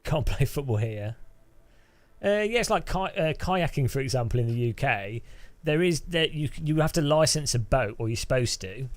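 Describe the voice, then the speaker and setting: This gaming streamer has a medium-pitched, animated voice and talks at a moderate pace to his chat while he plays. His talk wanders, he often starts sentences over, and laughter comes frequently.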